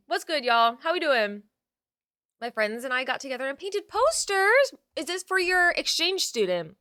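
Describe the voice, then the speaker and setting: A woman's voice: sits high, very animated, moderate pace, pushed and bright, dry recording, clean studio sound. A young adult woman chatting casually on a live stream, reading out her chat and swearing now and then.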